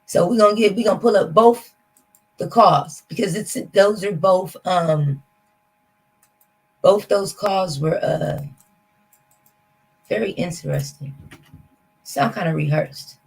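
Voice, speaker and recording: A woman's voice: on the low side, takes it slowly, pauses often, breathy edge, poor audio. A woman hosting a reaction stream, talking casually and skeptically straight to her viewers. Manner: chatty, talks to viewers directly, skeptical. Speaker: reaction channel host. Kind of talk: casual commentary.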